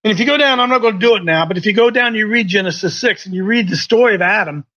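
A man's voice: high voice, rapid-fire, pushed and bright, no echo, dull audio. A man preaching a sermon in a folksy, emphatic way. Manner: folksy, emphatic, acts out quoted voices.

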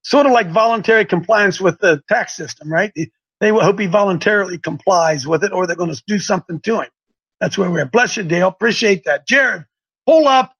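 A man hosting a live call-in show, talking in an excitable, preachy, rambling way. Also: high-pitched, fairly quick, husky, rough recording.

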